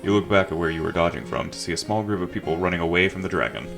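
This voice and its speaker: A man's voice: sits low, fairly even intonation, racing, gravelly, music in the background. A man reading an improvised story game aloud, with dry, joking asides. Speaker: gamer narrating a text adventure.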